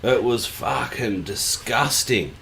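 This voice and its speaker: A man's voice: medium pitch, slow, creaky, pushed and bright, slight background noise. An Australian man co-hosting a podcast, telling crude jokes and stories in casual chat. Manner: crude, swears a lot, tells jokes. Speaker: podcast co-host.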